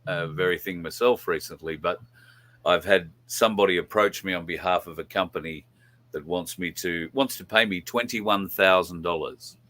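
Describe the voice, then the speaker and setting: A man's voice: sits low, normal speed, fairly bright tone. A man with an Australian accent hosting a casual talk show, dry and laid-back. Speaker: podcast host. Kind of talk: casual chat.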